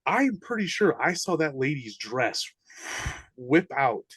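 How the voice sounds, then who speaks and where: A man's voice: a little high, big pitch swings, slow pace, fairly bright tone, husky, dry recording. A man, a podcast guest, animatedly recounting eerie experiences in casual, slangy speech. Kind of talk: casual storytelling.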